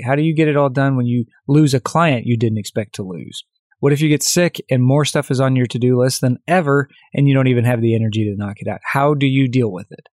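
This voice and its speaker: Energetic male podcast host, dry sound. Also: mid-range voice, no echo. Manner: energetic, direct, conversational. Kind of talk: solo podcast storytelling.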